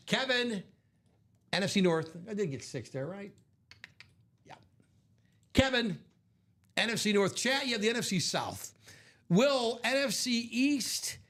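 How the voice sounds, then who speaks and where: A man's voice: sits high, animated, a little slow, pauses often, fairly bright tone. A middle-aged man hosting a live card-break stream, chatting casually and upbeat and laughing often.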